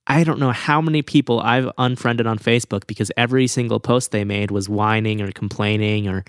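Podcast host guy, chatty and animated, telling a funny story, dry close sound. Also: on the low side, brisk, smooth, no echo. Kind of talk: casual podcast chat.

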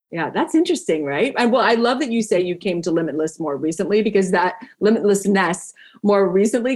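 A woman hosting a podcast, enthusiastic and motivational, reading an intro and then chatting with a guest. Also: mid-range voice. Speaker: podcast host. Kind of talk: upbeat podcast intro and interview.

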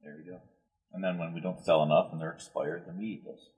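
Deep husky man with dry jokes. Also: level tone, fast, a little mellow, poor audio. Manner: dry, joking. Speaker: podcast host. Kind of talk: casual chat.

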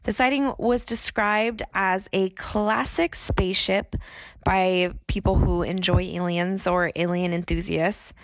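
Female co-host, middle pitch, upbeat news-reading, dry sound. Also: steady tone, a little slow, dry recording. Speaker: podcast co-host.

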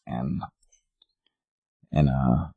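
A man's voice: a bass voice, fairly even intonation, drawn-out words, slightly rough, no echo, phone-quality sound. A man co-hosting a casual podcast, rambling through a comic's plot and acting out the quotes. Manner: rambling, acts out quotes with "he's like". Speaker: podcast co-host. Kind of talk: casual chat retelling a comic.

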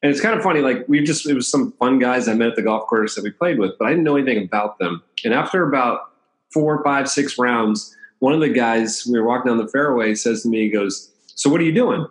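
Brisk and mid-range, this D.C.-area chiropractor trades casual anecdotes in an interview, chuckling between stories. A roomy echo surrounds his voice.

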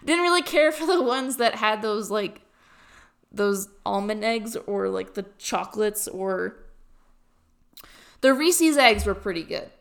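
Young woman, bright tone, smooth clear voice, rambling casual chat, self-deprecating. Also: medium pitch. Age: young adult. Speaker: college student vlogger.

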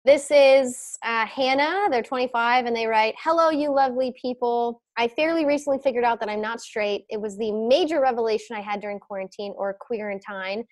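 A woman's voice: a little high, brisk, few pauses. Giggly, bubbly young woman podcast host. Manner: giggly, animated storytelling. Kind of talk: casual podcast chat.

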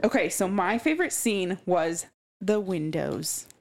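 Podcast co-host: a woman, casual and blunt, with a lively, swinging delivery. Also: fairly low pitch, unhurried, gravelly. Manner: animated, laughs often, blunt. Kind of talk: casual book club chat.

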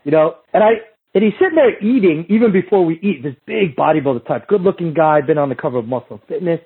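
A man, a movement coach, telling a casual story in an animated, profane way and acting out what other people said. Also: on the high side, fast, husky, phone-quality sound.

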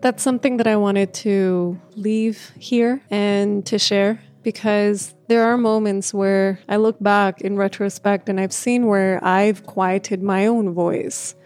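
Mellow-voiced woman who stutters. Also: medium pitch, steady tone, slow pace, few pauses, clean tone, soft background music. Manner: stutters, with repeated words and restarts; laughs often, speaks in a gentle, reflective way. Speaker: speaker sharing a personal story. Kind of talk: reflective personal talk.

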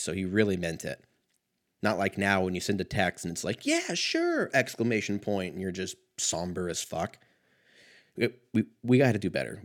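A man in his thirties talking casually on his own, rambling and mocking himself, swearing and laughing often. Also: fairly low pitch. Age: 30s. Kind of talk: casual solo monologue.

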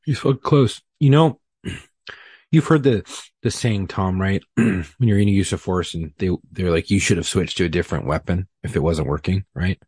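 A man with a low, husky voice tells a work story on a podcast. He swears freely and plays out both sides of the argument with rising heat. The sound is dry and close. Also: normal speed, no room sound. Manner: profane, animated retelling with heated quoted exchanges. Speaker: police officer guest.

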